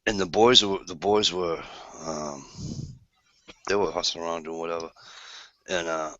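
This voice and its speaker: A man's voice: deep voice, steady tone, moderate pace, bright, forceful tone, no echo. A man telling a rambling, swear-laced story in casual chat. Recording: dull lo-fi sound.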